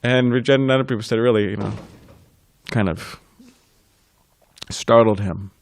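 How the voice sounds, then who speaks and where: A man giving a temple scripture class, telling stories in an informal way and laughing softly between thoughts. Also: mid-range voice, moderate pace, no echo. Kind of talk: reminiscing temple class talk.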